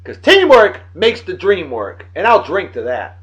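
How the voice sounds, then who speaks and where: Man, late 30s, beer vlog host; boisterous and self-hyping, slightly high voice. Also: wildly swooping pitch, unhurried, a bit bright, poor audio. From Martha's Vineyard, Massachusetts. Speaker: host of a beer-of-the-day show. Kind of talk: casual beer-tasting vlog.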